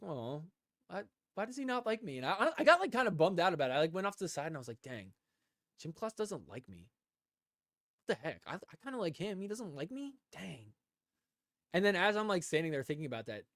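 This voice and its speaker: A man hosting a casual podcast live stream, telling a rambling story and acting out both sides of the conversation, breaking into loud laughter. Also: a little high, dry recording, clean studio sound. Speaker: podcast host.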